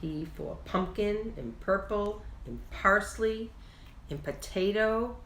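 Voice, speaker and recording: A woman speaks slowly and gently to young children, encouraging them as she teaches letter sounds. Her voice carries a roomy echo. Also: medium pitch, slight background noise. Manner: slow, gentle and encouraging, speaks directly to kids. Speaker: children's show host and teacher.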